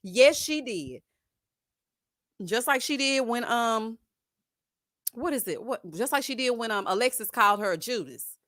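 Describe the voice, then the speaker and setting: A woman hosting a live stream, giving sassy, animated commentary and calling her viewers "honey" and "child". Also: on the high side, unhurried, pauses often, dry recording, studio quality. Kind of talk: casual reality-show commentary.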